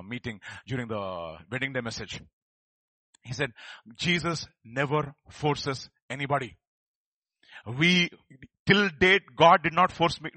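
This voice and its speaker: A man preaching a sermon, swinging between loud emphatic calls and quiet asides and prompting the congregation to respond. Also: mid-range voice, dry recording, poor audio. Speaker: pastor. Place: church service.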